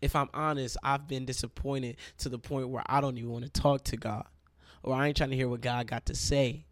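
A man's voice: mid-range voice, fairly even intonation, fairly quick, no echo. A man preaching a sermon in a conversational way, calling his listeners y'all, with an itchy throat.

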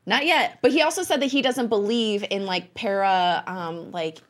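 Rambling woman podcast co-host. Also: medium pitch. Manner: rambling, halting with fillers. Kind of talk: casual chat.

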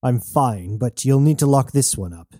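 A man's voice: medium pitch, animated, moderate pace, dark tone, no room sound, studio quality, natural voice. Man reading as a terse haunted captain. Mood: tense. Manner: terse, tense. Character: tense haunted male ship captain.

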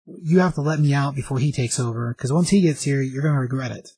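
A man's voice: medium pitch, fast talker, dark tone, husky. A man doing a desperate, insistent scientist. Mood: urgent. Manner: urgent, insistent pleading. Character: desperate male scientist on the run.

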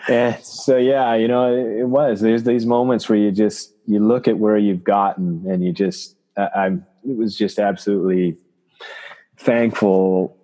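A man, a chiropractor from Canada, telling personal stories in an interview, halting and reflective with many restarts. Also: lowish voice, steady tone, mellow. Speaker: guest, chiropractor.

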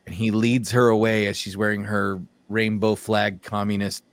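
A man's voice: on the low side, level tone, moderate pace, no room sound. A male podcast host talking bluntly in casual, opinionated chat and telling stories as he goes. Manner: blunt, storytelling, laughs often.

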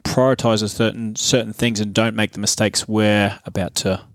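A young man co-hosting a fitness podcast in a relaxed, joking way, laughing often. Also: fairly low pitch, normal speed, no echo, clean studio sound. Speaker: podcast co-host, fitness coach. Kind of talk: casual chat.

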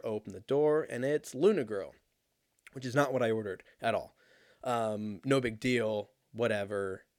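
A young man telling a rambling, profane story in a casual monologue, animated and laughing at himself. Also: on the low side, no room sound, clean studio sound.

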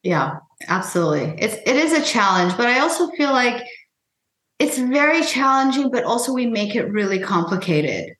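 Measured, reflective woman in an echoey room. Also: fairly high pitch, very animated, a bit bright. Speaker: author and weight-loss guest. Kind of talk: interview answers.

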